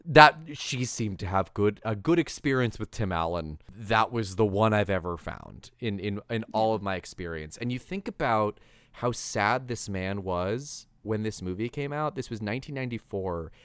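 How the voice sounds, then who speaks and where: A man chatting as a podcast guest, animated and laughing, quoting film lines in bursts. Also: fairly low pitch, normal speed, clean tone, no room sound. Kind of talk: casual chat.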